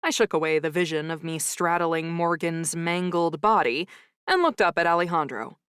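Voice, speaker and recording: A woman narrating a cozy audiobook in first person with a wry, expressive storytelling manner. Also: on the low side, moderate pace, smooth, dry recording. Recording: dry close studio sound.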